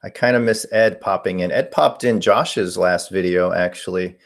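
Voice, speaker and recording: A gravelly, low-pitched man in his forties speaks at a moderate pace while hosting a casual paranormal live stream. He rambles through viewer questions, reading them aloud from the chat and padding his answers with plenty of fillers.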